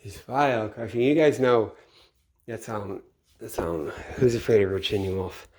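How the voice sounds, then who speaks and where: A middle-aged man giving a rambling late-night monologue, swearing often and trailing off into low mutters. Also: unhurried, darkish tone. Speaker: channel host. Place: home at night.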